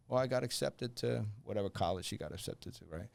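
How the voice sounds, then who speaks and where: Man guest, gravelly low voice, dry close mic, animated storyteller who plays the voices. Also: quick pace, no echo. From New Jersey. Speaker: podcast guest, former undercover officer. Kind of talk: storytelling in a podcast interview.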